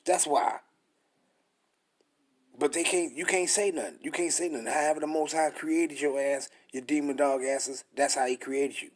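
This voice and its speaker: A young man preaching and reading scripture aloud, emphatic and blunt, dropping into a slow, deliberate pace for the verses. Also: on the high side. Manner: emphatic, blunt and profane, slows way down to read verses. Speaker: scripture teacher.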